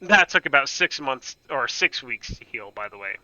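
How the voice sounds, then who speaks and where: Young man, rambling and profane, very bright voice, dry dull mic. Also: mid-range voice, expressive, normal speed, no echo. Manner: rambling, profane, self-mocking. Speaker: gaming channel host. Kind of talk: casual storytelling.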